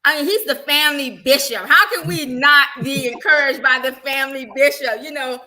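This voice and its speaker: A middle-aged woman, a guest evangelist, sharing her faith and life in a casual, animated way. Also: high-pitched, moderate pace. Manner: animated storytelling, acting out everyday quotes.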